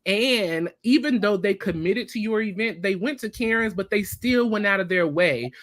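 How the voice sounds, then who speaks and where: A woman co-hosting a casual TV recap chat, retelling scenes in a chatty, animated way with lots of filler words. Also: mid-range voice, moderate pace, dry recording, clean studio sound. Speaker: podcast co-host.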